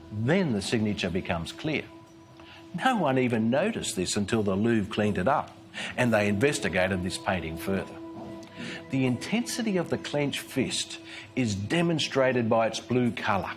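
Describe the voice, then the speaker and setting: A man delivers a scripted devotional talk in an earnest, measured storytelling way. His pitch sits in the middle of the male range but moves freely and expressively. Soft music plays faintly underneath him. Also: very animated. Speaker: Christian speaker.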